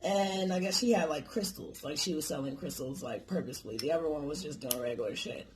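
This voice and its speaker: A man's voice: fairly high pitch, fast, a crowd in the background. A man casually telling a personal story on his vlog, rambling and swearing freely. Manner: rambling, profane, lots of fillers.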